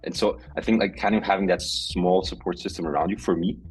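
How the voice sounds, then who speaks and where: A man's voice: deep voice, steady tone, quick pace, husky, faint music behind, low-quality recording. A man co-hosting a podcast, chatting openly and earnestly. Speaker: podcast co-host. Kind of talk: casual podcast chat.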